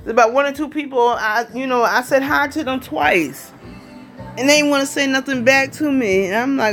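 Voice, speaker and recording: A woman's voice: sits high, normal speed, a bit bright. Woman, 50s, vlogger; chatty, rambling monologue; faint music under it. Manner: chatty, rambling, constantly asks "you know what I mean". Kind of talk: casual vlog monologue.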